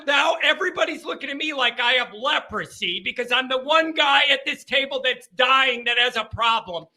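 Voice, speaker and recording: A man hosting a live call-in show, telling a rambling story with casual profanity and lots of fillers, dropping to low mutters and rising to shouts. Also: vocal fry.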